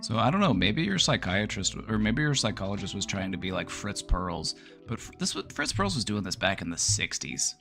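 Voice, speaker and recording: A man's voice: fairly low pitch, sing-song, fairly quick, gravelly, fairly bright tone, soft background music. A middle-aged man hosting a casual talk, rambling as he thinks aloud and often restarting his sentences. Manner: chatty, rambling, frequent restarts. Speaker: mental health video host. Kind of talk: casual commentary.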